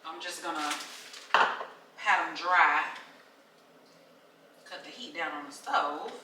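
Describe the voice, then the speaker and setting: Woman in her 30s, bright ringing voice, chatty vlogger who rants animatedly. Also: slight background noise. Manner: animated, exasperated ranting with rising pitch. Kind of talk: casual vlog chat. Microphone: small handheld pocket camera.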